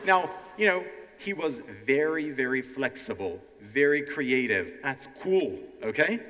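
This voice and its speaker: A man's voice: medium pitch, animated, a little slow, bright, forceful tone. A man with a Ukrainian accent hosting a stand-up style language lesson, addressing a live audience directly and acting out nervous learners. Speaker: language teacher and show host. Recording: hall reverb.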